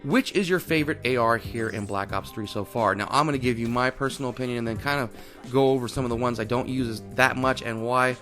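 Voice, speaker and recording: A man's voice: medium pitch, quick pace, fairly bright tone, soft background music. Chatty man giving gameplay commentary. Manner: chatty, rambling and upbeat. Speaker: gaming channel host.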